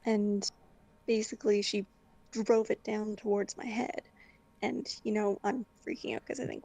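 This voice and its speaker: Woman player, gravelly mellow voice, chatty retelling. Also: on the high side, fairly even intonation, measured pace. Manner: chatty, lots of "I'm like" quoting. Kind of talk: recounting a dream in a tabletop game.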